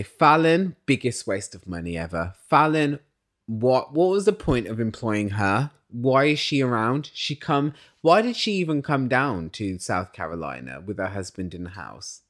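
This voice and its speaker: Animated, sweary male recap host. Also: medium pitch, a little slow. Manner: animated, opinionated, swears a lot. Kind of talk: casual recap commentary.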